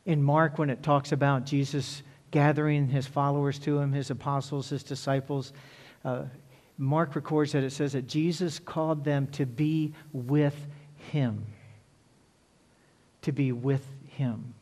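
Slow, mellow-voiced male pastor preaching. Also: fairly high pitch, fairly even intonation. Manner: earnest, repeats key phrases for emphasis. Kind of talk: sermon.

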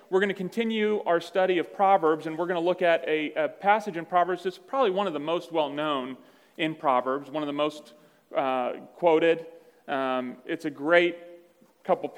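A man preaching a sermon, telling a personal story in a relaxed, self-deprecating way. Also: a little high, long reverb tail. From Virginia, USA. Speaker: pastor. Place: church sanctuary.

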